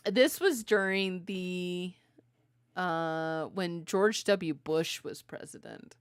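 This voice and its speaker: A woman co-hosting a podcast in casual chat, telling animated stories, acting out quotes and laughing often. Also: fairly low pitch, takes it slowly, clean tone, no echo, studio quality. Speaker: podcast co-host.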